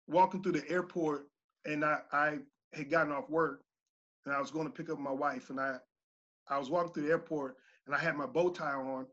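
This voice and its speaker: A man's voice: on the high side, highs cut off. A man, a former teacher, telling stories in a casual panel talk and acting out the voices he quotes. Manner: animated storyteller, acts out quoted voices loudly.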